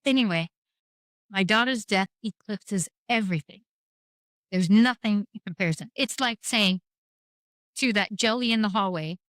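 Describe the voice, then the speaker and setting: A woman's voice: medium pitch, brisk, a bit bright, no echo. Frank middle-aged woman, dry close sound. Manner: frank, wry, rambling storytelling with quoted dialogue. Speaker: podcast guest. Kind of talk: candid conversation about grief.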